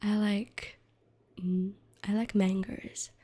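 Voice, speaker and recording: A woman's voice: medium pitch, flat delivery, takes it slowly, dark tone, slightly rough. A young woman streamer in a whispered ASMR chat, rambling and giggling at herself as she reads, close to the mic. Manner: giggly, rambling, self-deprecating.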